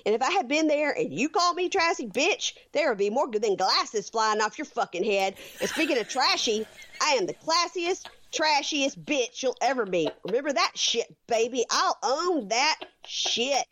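A woman's voice: sits high, lively intonation, moderate pace, a bit bright, no room sound, pitched above the performer's own voice. A woman imitating a brash, furious woman hurling profane taunts. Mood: furious taunting. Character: brash, trash-talking furious woman ranting.

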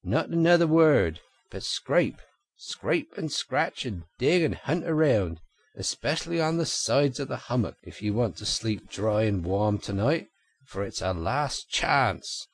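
A man voicing a brisk, kindly male water rat who is easily exasperated, speaking emphatically. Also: medium pitch, very animated, vocal fry, slightly rough, full character voice. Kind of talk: audiobook character reading.

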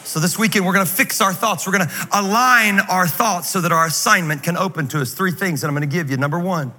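A man preaching a sermon in an energetic, joking, conversational way. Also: sits high, quick pace. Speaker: guest pastor. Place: large church auditorium. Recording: reverberant hall, faint noise.

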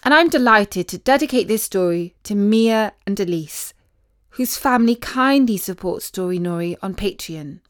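A woman narrating a children's story in a gentle, expressive storytelling voice. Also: mid-range voice, normal speed.

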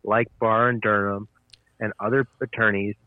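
Teen male guest, slightly low voice, dry phone-line sound, halting delivery. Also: little pitch movement, no room sound. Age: teens. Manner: hesitant, fills with uh and um. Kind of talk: casual political chat.

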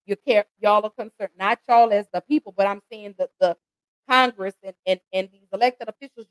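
A woman's voice: medium pitch, fairly even intonation, fairly quick, dry recording, rough recording. A woman hosting an emotional commentary, pleading and impassioned as she talks straight to her listeners. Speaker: host.

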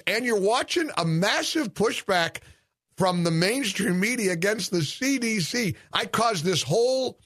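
A man's voice: a little high, a bit bright, no room sound. A male talk radio host in chatty, teasing banter from his radio studio, pressing his points with emphasis.

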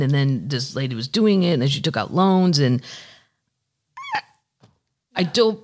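With a slightly rough mid-range voice, big swings in pitch, and a moderate pace, a podcast host chats casually. The talk is candid and rambling, full of swearing, as the host reads news aloud and adds remarks.

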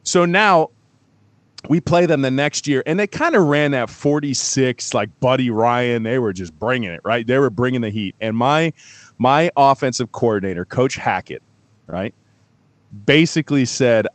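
A middle-aged man talking football on a casual show, telling stories in an animated way, swearing freely and getting worked up. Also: medium pitch, fairly quick, no echo. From Florida. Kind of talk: casual sports talk.

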